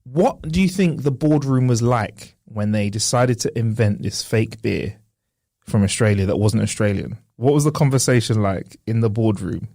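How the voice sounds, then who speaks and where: A man's voice: fairly low pitch, normal speed, dark tone, no echo, studio quality. A man from the United Kingdom co-hosting a comedy podcast in casual chat, jokey and laughing often. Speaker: podcast co-host.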